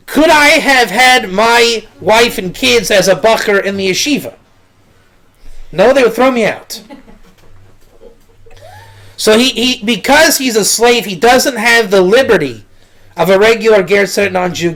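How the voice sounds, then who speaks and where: A man with a notably high voice gives a loose, rambling teaching talk as a rabbi. He stumbles and repeats words, sprinkling Hebrew and Yiddish terms through his explanations. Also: animated, unhurried, long pauses, fairly bright tone. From Israel.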